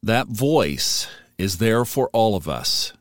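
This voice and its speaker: A man hosting a podcast, giving a calm, measured sign-off. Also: fairly low pitch. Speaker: podcast host. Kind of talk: podcast outro.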